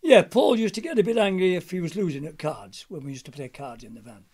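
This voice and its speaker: Older chatty storyteller man, husky. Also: high-pitched, lively intonation, fast talker, darkish tone. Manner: chatty storyteller, acts out old routines in character voices. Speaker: pantomime comedian, interview guest. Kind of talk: anecdotal interview chat.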